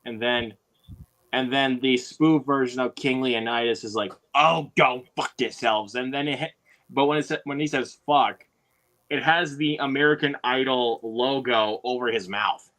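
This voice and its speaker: A man's voice: mid-range voice, fairly even intonation, moderate pace, a bit bright. A young man hosting a live stream, rambling in a laid-back way with lots of fillers. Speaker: streamer host. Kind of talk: casual chat.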